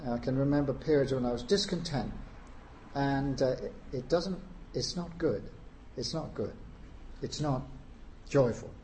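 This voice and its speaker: A man preaching a sermon, unhurried, with frequent pauses and rising emphasis on key phrases. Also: medium pitch, darkish tone, slight background noise.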